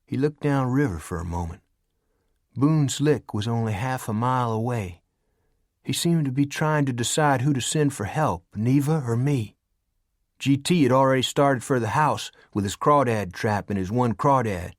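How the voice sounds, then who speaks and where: A man reading an audiobook in an even storytelling manner. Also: mid-range voice, normal speed, no echo, clean studio sound. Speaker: audiobook narrator. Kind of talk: scripted narration.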